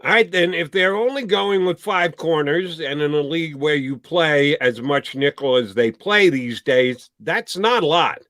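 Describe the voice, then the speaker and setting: A man's voice: fairly high pitch, a little slow, few pauses, fairly bright tone, no room sound. A man in sports-show chat, challenging his co-panelist's opinions about a football team's roster. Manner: challenging, argumentative. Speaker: sports analyst. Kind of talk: casual sports talk.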